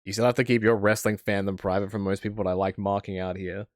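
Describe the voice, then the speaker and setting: A man's voice: on the low side, level tone, fast talker, no room sound, clean studio sound. A man with an Australian accent chatting casually on a live game stream, rambling and answering chat as he plays.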